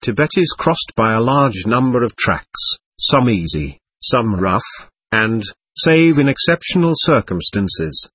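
A man reading a travel memoir aloud as an audiobook, in a measured, steady way. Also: mid-range voice, husky, dry recording. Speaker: audiobook reader. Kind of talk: scripted narration of a travel memoir.

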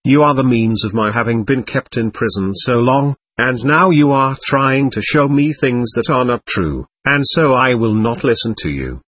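A man reading aloud as an indignant, bewildered ghost who denies being dead, in a husky voice. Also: mid-range voice, moderate pace, few pauses, a bit bright, dry recording, lightly acted. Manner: defiant, suspicious and bewildered. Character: indignant confused ghost of a dead adult, hostile.

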